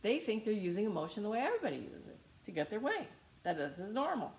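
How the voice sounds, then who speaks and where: A woman's voice: medium pitch, sing-song, fast, a little mellow, echoey room. A woman teaching a guided meditation in a casual, chatty way, often repeating her phrases.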